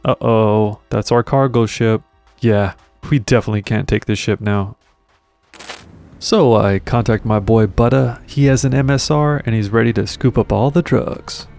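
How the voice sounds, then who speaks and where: A man's voice: lowish voice, moderate pace, vocal fry, a little mellow, soft background music. A man narrating his own gameplay video and ranting with rising hype at critics. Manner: hyped, ranting voice-over. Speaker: gaming video creator. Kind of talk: gameplay commentary.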